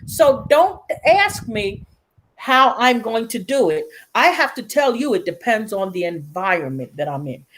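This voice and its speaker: High-voiced woman telling a lively story. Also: rough recording. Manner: animated, acts out dialogue in different voices. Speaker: panel guest. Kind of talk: storytelling in a group conversation.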